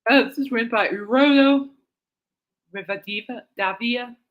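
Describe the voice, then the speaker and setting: A woman's voice: a little high, measured pace. Giggly woman podcast host, reads articles aloud with amused asides, snort-laughs.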